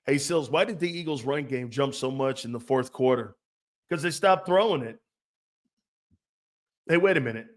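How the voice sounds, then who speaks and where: A man's voice: medium pitch, normal speed, pauses often. A man hosting sports talk radio, ranting in a brash, profane way and laughing between his jabs. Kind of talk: opinionated sports radio rant.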